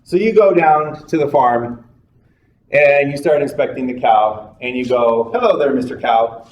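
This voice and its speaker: A man's voice: mid-range voice, unhurried, highs cut off. A man giving a psychology lecture in a classroom, talking in a conversational way, repeating himself and putting questions to the class. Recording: echoey room from a distance, faint noise.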